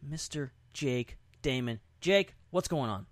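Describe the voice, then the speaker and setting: A man hosting a podcast in a playful, casual chat manner, quick to laugh. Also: medium pitch, expressive, no room sound. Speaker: podcast host.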